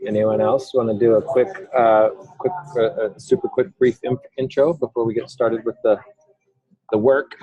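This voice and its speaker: A man facilitating a group video call, talking in a calm, reflective way with many pauses and fillers. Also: medium pitch, lo-fi sound.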